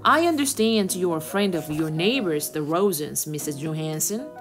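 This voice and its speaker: Storybook read-aloud: a harsh, loud, barking middle-aged army officer, put on by a woman narrator with a lively, swooping delivery. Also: deep voice, moderate pace, faint music behind, pitched below the performer's own voice. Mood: menacing. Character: harsh stern male Nazi officer.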